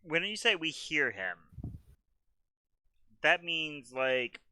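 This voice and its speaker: A man's voice: a little high, sing-song, slow pace, bright, forceful tone, clear, resonant tone, no room sound. A man playing in a tabletop game, joking bluntly and swearing casually. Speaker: player.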